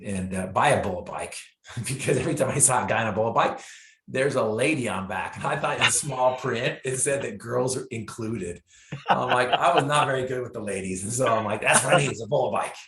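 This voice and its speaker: Lower-voiced man telling a story in an echoey room. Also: a little hiss or hum. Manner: animated storyteller, acts out his own and others' lines with bursts of pitch and volume; self-deprecating humor, laughs at himself. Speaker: guest speaker. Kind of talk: personal storytelling in an interview.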